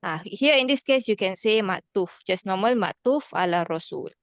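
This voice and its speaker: A woman's voice: medium pitch, expressive, moderate pace, no room sound. A woman teaching Arabic grammar in an online class, patiently asking students questions and checking they follow. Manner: patient, checks understanding often.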